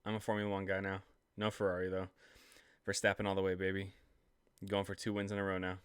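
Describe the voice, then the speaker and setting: Low-voiced rambling young man vlogging. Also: monotone, fast, clear, resonant tone, no echo. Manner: rambling, self-deprecating, lots of fillers. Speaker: sports vlogger. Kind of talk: casual solo commentary.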